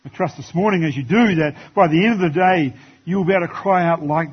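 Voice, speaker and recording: A male pastor with a slightly raised, husky voice delivers a sermon in conversational tones, reading verses aloud to his congregation. The church recording sounds dull and lo-fi. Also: on the high side, animated, quick pace. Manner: conversational preaching, quoting scripture.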